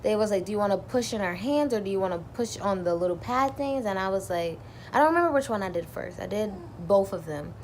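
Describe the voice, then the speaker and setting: A woman's voice: mid-range voice, expressive, fast, slight background noise. A young woman vlogger telling a personal story in a casual, chatty way, full of "like" and acted-out quotes. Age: young adult. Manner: chatty, lots of "like", acts out quotes.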